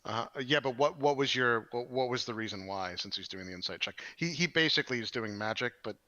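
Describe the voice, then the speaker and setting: A man's voice: medium pitch, brisk, sharp tone, dry recording. A man narrating as game master in a tabletop game, rambling with many fillers and restarts. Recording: dry, dull lo-fi mic.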